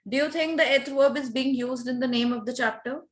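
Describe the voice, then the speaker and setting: A woman teaching a French class over a video call, drilling pronunciation slowly and patiently. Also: high voice. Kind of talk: online class lesson.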